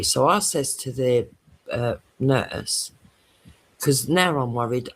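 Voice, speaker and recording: A woman's voice: rumbling low, normal speed, breathy edge. A British woman hosting a casual podcast chat, telling a crude story with lots of swearing and laughter.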